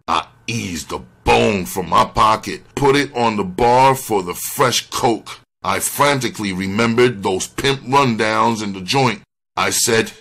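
A man reading a first-person memoir aloud, slow and deliberate. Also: lowish voice, a bit bright. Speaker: audiobook reader.

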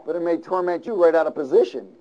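Lively preacher man, higher voice. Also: fast talker, dull audio. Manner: lively, conversational, asks the audience questions. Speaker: pastor. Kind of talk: sermon.

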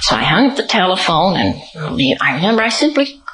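A woman giving an oral history interview, telling her memories in an unhurried, storytelling way with occasional light laughs. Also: on the low side, very animated, echoey room, a crowd in the background, low-quality recording.

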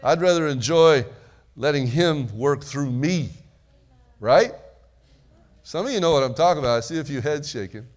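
A man's voice: a little high, lively intonation, normal speed, pauses often. A man preaching a sermon in a conversational, folksy way, with asides and calls for amens to the congregation. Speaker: pastor.

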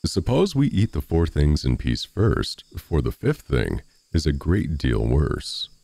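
A man playing a crafty little peasant farmer, sly and knowing, lively lilt, gravelly edge. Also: a bass voice, measured pace, no room sound, heavily acted.

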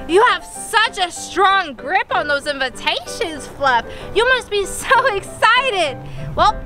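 A woman vlogger cooing at her toy llamas in a gushing, sing-song way. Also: very high-pitched. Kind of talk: playful chat with toy llamas. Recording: music playing behind. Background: background music.

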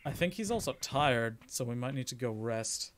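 A man chatting on a game stream in an easy, joking way. He muses aloud over game stats and choices as he plays. His voice sits at an ordinary middle pitch. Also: moderate pace, a little hiss or hum. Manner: relaxed, jokey, thinks aloud about game stats. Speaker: streamer playing a video game. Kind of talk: casual game-stream chat.

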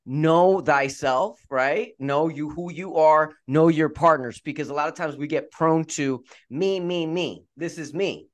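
A man's voice: a little high, a little slow, few pauses. A man hosting a podcast interview as a relationship coach, emphatic and repeating words for effect.

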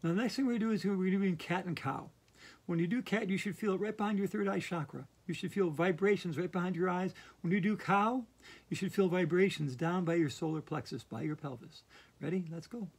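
A woman's voice: lowish voice, brisk, darkish tone, breathy edge. A woman teaching a playful yoga lesson at home, chatty and silly. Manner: silly, chatty, breaks into singing. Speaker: yoga instructor. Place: home hallway.

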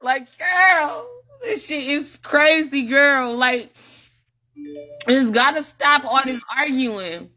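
Young adult woman streamer, high bright voice, profane rambling vent. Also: slow, soft background music. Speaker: live streamer. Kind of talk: casual livestream venting.

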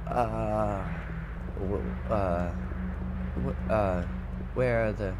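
Mumbling low-voiced man playing a horror game. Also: steady tone, slow pace, background noise. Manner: mumbling, hesitant, talks to himself. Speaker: gaming youtuber.

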